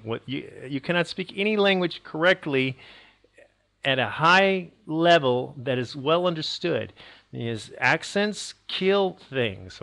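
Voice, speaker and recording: An American man with a medium-pitched, slightly bright voice gives a casual video lesson on pronunciation. He rambles, corrects himself, and chuckles now and then.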